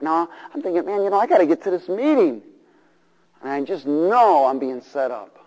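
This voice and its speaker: A man's voice: on the high side, brisk. A middle-aged man preaching a sermon, calling for responses from the congregation and acting out the voices of people in the story. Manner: animated, call-and-response, acts out voices. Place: church hall. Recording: long reverb of a large hall.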